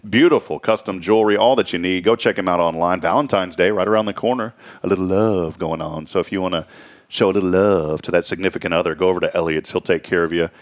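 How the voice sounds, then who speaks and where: Joking man hosting a morning show. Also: low voice. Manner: joking, rambling storyteller with quick asides. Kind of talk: casual chat.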